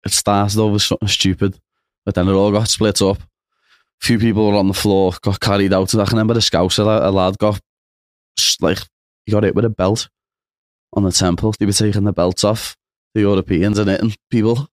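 A man's voice: on the low side, little pitch movement, a little fast, dry recording, clean studio sound. A young man chatting casually, peppering his talk with "lad". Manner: chatty, says "lad" and "you know what I mean". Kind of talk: casual chat.

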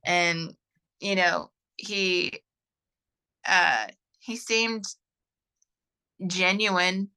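A woman answering interview questions about her missing brother, hesitant and halting with many fillers. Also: on the low side, bright, forceful tone, clear, resonant tone, rough recording. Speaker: interviewee, sibling of a missing man. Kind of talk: recorded interview.

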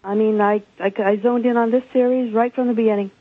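A man calling into a radio show, chatting in a folksy, opinionated way with halting repeats. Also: extremely high pitch, fairly even intonation, no echo. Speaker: caller. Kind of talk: casual phone-in chat. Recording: tinny phone line.

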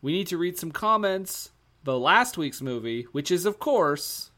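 A man's voice: a little high, expressive, normal speed, bright, forceful tone. A man co-hosting a comedy podcast, teasing his partner and laughing easily. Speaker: podcast co-host. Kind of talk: casual comedic chat.

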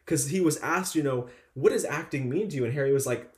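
A man's voice: fairly high pitch, brisk, echoey room. A young man co-hosting a casual podcast, gossiping animatedly and acting out what others said. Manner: animated gossiping, acts out quotes. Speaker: podcast co-host. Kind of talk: casual chat.

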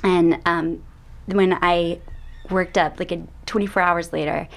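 Texan woman with a creaky voice. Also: lowish voice, steady tone, measured pace. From Texas. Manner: chatty, rambling with fillers and restarts. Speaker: podcast co-host. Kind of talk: casual chat.

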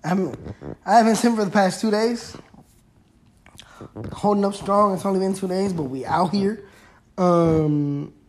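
A man's voice: high voice, fairly even intonation, unhurried, long pauses, slight background noise. A young man hosting his own podcast, chatting casually and rambling in laid-back slang. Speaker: podcast host. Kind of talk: casual solo podcast chat.

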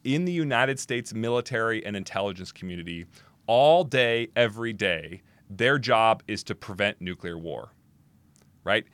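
A man with a lowish voice that swings widely up and down, speaking as an interview guest with emphatic, animated delivery. The sound is dry and close, with little room around it. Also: no room sound. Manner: animated, emphatic, with frequent restarts and asides. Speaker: guest expert. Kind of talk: podcast interview answers.

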